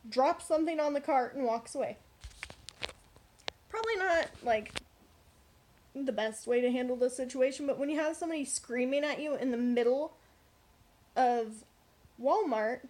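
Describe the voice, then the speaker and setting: A young woman vlogger telling a workplace story in a casual, animated, blunt way. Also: high-pitched. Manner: animated, blunt, frequent swearing and asides.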